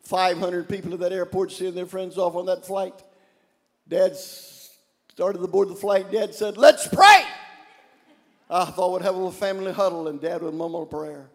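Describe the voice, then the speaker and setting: An older man preaching a sermon, passionate and shouting his refrains. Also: high voice, level tone, moderate pace, long reverb tail. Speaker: pastor. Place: church sanctuary.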